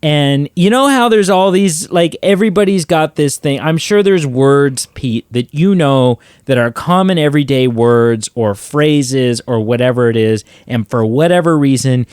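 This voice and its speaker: A man hosting a movie podcast, ranting in an exasperated, animated way in casual chat. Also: mid-range voice, a little slow, few pauses, clear, resonant tone, no echo, studio quality. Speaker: podcast host.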